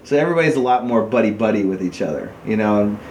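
A man telling paintball stories in a casual podcast chat, rambling with many fillers and jumping into high, animated voices when he quotes other people. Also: rapid-fire. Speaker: podcast guest, paintball player. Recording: echoey room with faint noise.

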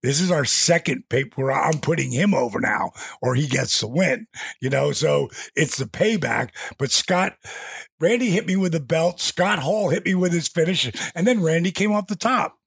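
A man in his sixties, an interview guest telling stories in a casual, animated way and acting out quotes and sound effects. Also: fairly high pitch, moderate pace, gravelly, breathy edge, dry recording, clean studio sound.

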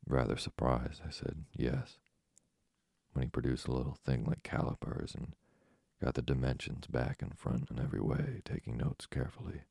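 A man narrating an audiobook in a measured, wry first-person reading. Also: extremely low pitch, gravelly, darkish tone, husky, no echo.

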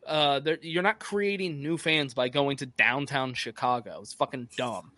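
A man's voice: mid-range voice, normal speed, sharp tone, no echo. A man co-hosting a podcast, talking in a blunt, ranting, casual way and swearing often. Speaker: podcast co-host. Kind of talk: casual profane chat.

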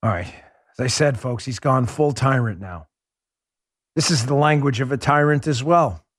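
A man from New York City hosting a podcast, delivering a heated, sarcastic political monologue that rises into shouts. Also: mid-range voice, moderate pace, no echo, clean studio sound. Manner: combative, sarcastic, rising to shouts. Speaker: podcast host.

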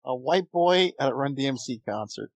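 Podcast cohost butting in with wry jokes, mid pitch, super dry close mic. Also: expressive, normal speed, no room sound. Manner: wry, teasing interjections. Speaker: podcast co-host. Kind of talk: casual chat.

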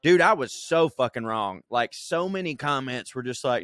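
A man's voice: medium pitch, expressive, moderate pace, a bit bright, no echo. A man co-hosting a casual podcast, swearing freely and laughing as he reads out quotes. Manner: crude, laughing storyteller reading quotes aloud. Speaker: podcast co-host.

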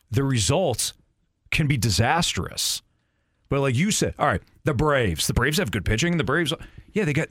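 A man's voice: medium pitch, no room sound, clean studio sound. A man hosting a sports talk show, arguing his points emphatically and repeating them for stress. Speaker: sports radio host.

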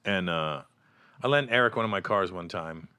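A man's voice: deep voice, normal speed, smooth. A man guest on a talk show, telling casual stories and acting out other people's lines. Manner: animated, acts out quotes in other voices. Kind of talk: casual storytelling chat.

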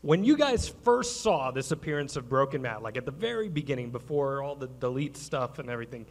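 A man hosting a live stage talk show, energetic and blunt, swearing casually. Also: medium pitch, fairly quick. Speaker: host.

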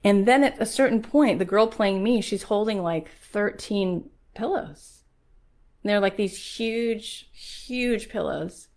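A woman's voice: medium pitch, slow pace. Middle-aged woman host, motivational speaker, intimate storyteller who pushes hard and pleads with listeners. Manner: storytelling, soft and hushed at first, then rising to urgent, pleading exhortation. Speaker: podcast host. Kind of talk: motivational talk.

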